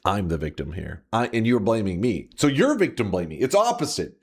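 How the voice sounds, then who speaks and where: A man streaming a game, talking casually in an animated, mock-dramatic way and swearing often. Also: fairly low pitch, a little fast, breathy edge. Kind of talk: casual livestream commentary.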